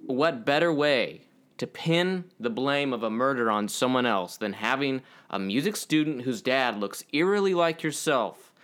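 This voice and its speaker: A man's voice: medium pitch, expressive, a little slow, a bit bright. A man co-hosting a podcast, chatting casually and rambling into jokey asides. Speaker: podcast co-host. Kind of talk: casual chat.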